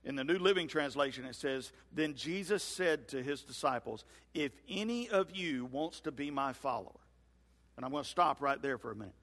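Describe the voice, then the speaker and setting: A male pastor preaching a sermon in a church sanctuary, acting out scripture dialogue with lively swings in voice. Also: medium pitch, moderate pace. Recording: long hall reverb.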